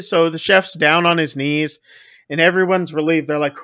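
A man casually recapping a film on a podcast, acting out the lines with big jumps in pitch. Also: steady tone, moderate pace, bright, forceful tone. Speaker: podcast co-host. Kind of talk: casual movie recap chat.

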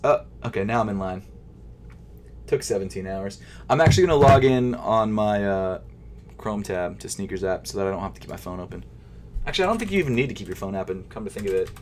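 A young man giving casual running commentary as he tries to buy sneakers online, nervous and frustrated, swinging from loud outbursts to quiet mumbling, with keyboard typing behind him. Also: on the low side, lively intonation, fast talker. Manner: nervous, stuttering. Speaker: sneaker vlogger. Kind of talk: casual live commentary while shopping online.

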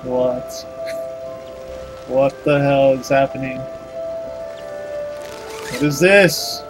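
A man narrates his own game playthrough at a slow, drawn-out pace. He blurts out startled reactions and curses and thinks aloud. Clear game music runs beneath his voice from a desk mic. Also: medium pitch. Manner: jumpy, swearing, thinking aloud. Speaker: gamer playing a horror-tinged action game. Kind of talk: let's play commentary.

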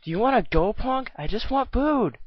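A man's voice: on the high side, a little slow, no echo, muffled recording. A man voicing a short-tempered cowboy ranger in a homemade stop-motion film, talking in an impatient, exasperated way. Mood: annoyed.

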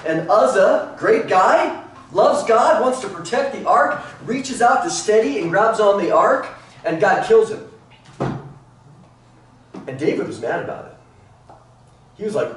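A middle-aged man teaching a Bible class in a church, animated, acting out quotes in lively voices. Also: sits high. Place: church room. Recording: roomy echo, mic at a distance, faint noise.

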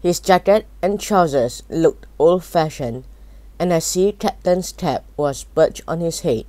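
Low-voiced woman reading a storybook. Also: measured pace, dark tone, dry recording. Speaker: story reader. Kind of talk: reading a children's novel aloud.

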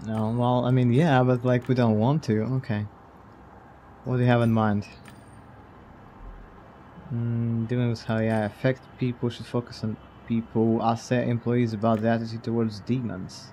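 A man gives casual let's-play commentary at an ordinary mid pitch. He stays loose and wry, teasing the game's characters and cursing offhandedly now and then. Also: flat delivery, normal speed, warm tone, a little hiss or hum. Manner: wry, blunt, swears casually, chuckles at the game. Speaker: game streamer.

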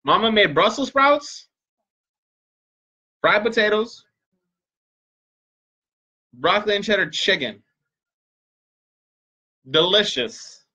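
Bright-voiced joking man on a stream. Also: high-pitched. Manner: joking, profane, talks straight to viewers. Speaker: livestream host and parent. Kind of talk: casual livestream chat.

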